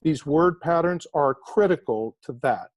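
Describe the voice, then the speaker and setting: A man with a high-leaning voice speaks as an author in an interview, delivering an uplifting story with animated emphasis. He slows down on key words, and the recording is dry.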